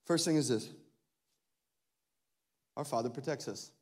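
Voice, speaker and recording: A man in his thirties, a pastor preaching a lively sermon, swinging between loud exclamations and hushed asides and laughing often. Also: mid-range voice, measured pace, breathy edge. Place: large church hall. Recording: long hall reverb.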